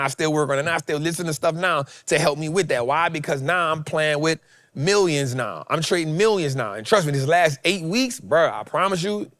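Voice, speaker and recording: A man hosting a show, giving a preachy motivational talk, swinging between loud and soft and repeating his phrases. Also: fairly high pitch, dry recording, studio quality. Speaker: host.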